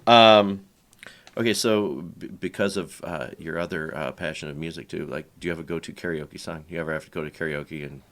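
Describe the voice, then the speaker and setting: A man's voice: very deep voice, brisk, a bit bright. A man hosting a podcast, chatting casually with his guest and giving short, encouraging replies. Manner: brief encouraging responses, laughs along. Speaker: podcast host. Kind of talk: casual interview chat.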